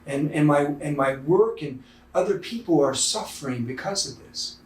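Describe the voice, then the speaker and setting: A man's voice: on the high side, animated, normal speed, far from the mic, slight background noise, natural voice. Male preacher doing a tired missionary priest, worn out and earnest, roomy sound. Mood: weary.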